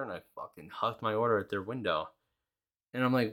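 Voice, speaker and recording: A man's voice: medium pitch, fast. A man in his early thirties on a podcast, casually telling a story in a profane, ranting way and acting out both sides of the exchange. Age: 30s. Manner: profane, ranting, animated retelling. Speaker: podcast host.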